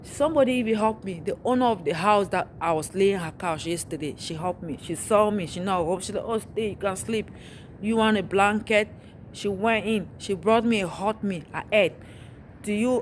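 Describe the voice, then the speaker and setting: Exasperated woman venting to camera, mid-range pitch, faint noise behind. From Africa. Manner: exasperated, repetitive, full of rhetorical questions. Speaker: vlogger.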